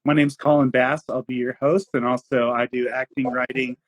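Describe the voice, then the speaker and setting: A man's voice: mid-range voice, level tone, moderate pace, poor audio. A man hosting a casual online show, upbeat and enthusiastic with his guests. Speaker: host.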